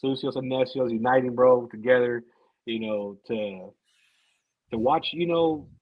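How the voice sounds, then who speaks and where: A man's voice: mid-range voice, big pitch swings, unhurried, dry recording, dull audio. A man guesting on a casual podcast, rambling, swearing and repeating himself as he talks.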